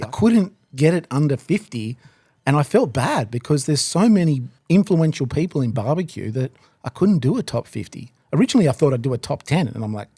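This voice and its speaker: A man's voice: medium pitch, mellow, slightly rough, dry recording, studio quality. A man co-hosting a barbecue show in casual banter, upbeat and swearing freely. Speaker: podcast co-host.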